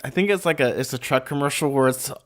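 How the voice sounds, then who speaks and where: A man's voice: mid-range voice, fast talker. Easygoing man joking on a podcast. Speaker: podcast co-host. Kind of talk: casual chat.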